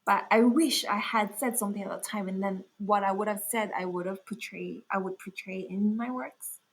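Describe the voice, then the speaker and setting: A woman's voice: mid-range voice, normal speed, slightly rough, low-quality recording. A young woman chatting as an interview guest, talking casually with lots of fillers. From Australia. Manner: chatty, full of "like" fillers and laughs. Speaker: guest artist.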